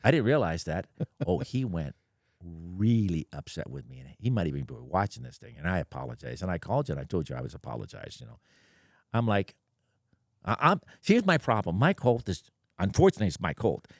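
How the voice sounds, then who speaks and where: Blunt, animated older man telling stories. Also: sits low, brisk, gravelly, no echo, studio quality. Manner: blunt, animated, quotes others in dialogue. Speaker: guest. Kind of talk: casual interview storytelling.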